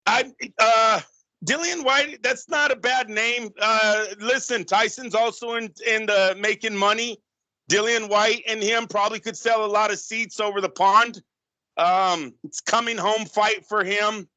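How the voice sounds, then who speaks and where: A man co-hosting a casual podcast, excitable and profane, often laughing. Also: sits high, unhurried, dry recording. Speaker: co-host.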